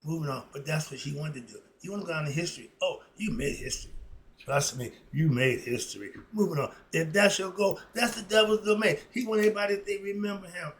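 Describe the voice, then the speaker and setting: High-voiced man on a heated rant. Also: fast talker, slight background noise, low-quality recording. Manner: heated, sarcastic, rambling rant with repetitions. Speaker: philosophy commentator. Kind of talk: solo opinion monologue.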